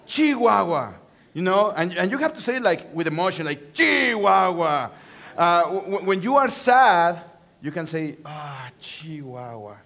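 A man's voice: high-pitched, fairly bright tone. A middle-aged man with a Mexican accent, a Spanish native speaker, preaching a sermon to a church and joking with the congregation. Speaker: guest preacher.

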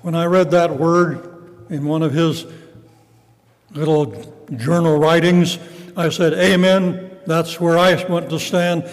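An older male pastor preaches slowly and reflectively, his voice sitting fairly high. The sound carries a long hall reverb, as if recorded in a large church. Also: fairly even intonation. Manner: reflective, measured preaching with pauses. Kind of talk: sermon.

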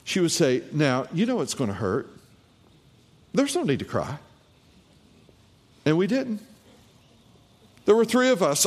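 A man preaching a sermon as the pastor, telling a childhood story and asking his congregation rhetorical questions. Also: high-pitched. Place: church hall. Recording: long hall reverb.

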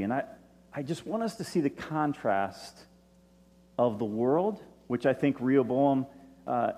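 A man giving a sermon as a pastor, in a relaxed, conversational way with asides to his listeners. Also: medium pitch. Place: church stage. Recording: long reverb of a large hall.

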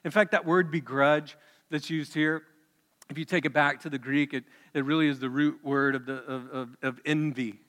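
A male pastor delivers a sermon in a bright, forceful voice, telling the story in a conversational way and putting questions to his listeners. His voice rings out with a long reverb from a large hall. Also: a little high, fairly even intonation, moderate pace.

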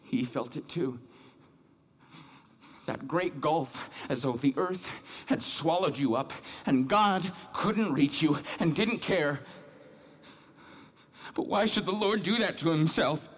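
A man's voice: fairly high pitch, husky. An actor playing a devout, troubled man who reads scripture aloud and keeps questioning his own guilt and faith. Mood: somber, then yearning. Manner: questioning, searching, self-doubting. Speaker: man reading scripture alone. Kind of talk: dramatic monologue.

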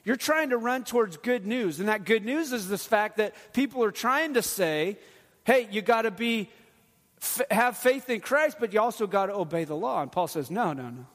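A man's voice: sits high, expressive, moderate pace, a bit bright. A middle-aged man, a pastor, preaching a sermon in an earnest, conversational way with touches of humor. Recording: long hall reverb.

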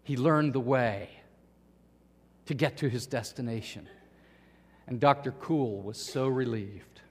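A male pastor delivering a sermon with animated storytelling, speaking to the children and the congregation. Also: mid-range voice, slow pace, breathy edge, in a large hall.

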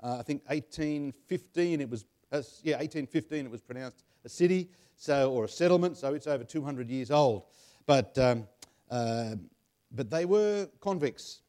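A man's voice: mid-range voice, normal speed, mellow. An Australian man chatting casually about family history, rambling with many fillers and chuckling at his own jokes. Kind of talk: casual chat.

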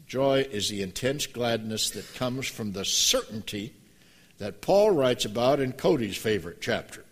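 A male pastor with a mid-range, sing-song voice preaches unhurriedly, shifting from quiet storytelling into emphatic, passionate preaching.

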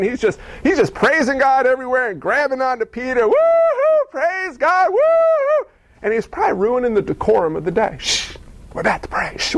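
A man preaching a sermon in a lively, animated way, acting out the people in the story he tells. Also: sits high, rough recording. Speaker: pastor.

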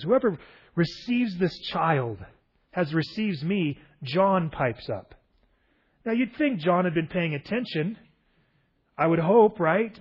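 A man with a somewhat high, husky voice preaching in a relaxed, conversational way. He retells a gospel scene, stopping often for rhetorical questions. The sound is a little dull and lo-fi. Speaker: pastor. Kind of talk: sermon.

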